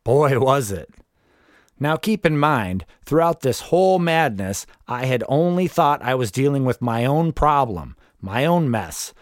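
A man's voice: mid-range voice, no echo. Guy in his 40s reading his memoir, dry sarcastic asides, dead dry close sound. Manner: wry, sardonic storytelling with dry asides. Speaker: memoir narrator. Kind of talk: first-person memoir reading.

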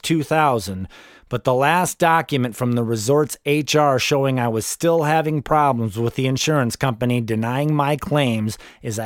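Here a forties-aged memoirist reads his own book aloud, first person, sprinkling in sardonic, wry commentary. His pitch is medium, and the audio is clean studio sound without any room sound.

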